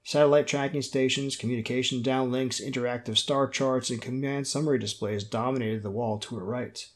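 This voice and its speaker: An audiobook narrator reads a novel aloud in scripted narration. His mid-range male voice is steady and measured throughout.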